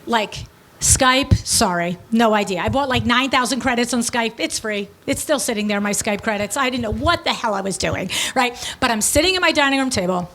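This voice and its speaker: High-pitched middle-aged woman telling a story, blunt and chatty, lots of asides. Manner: animated, breezy and blunt, with quick asides and acted-out dialogue. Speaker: podcast host and business owner. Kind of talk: casual storytelling.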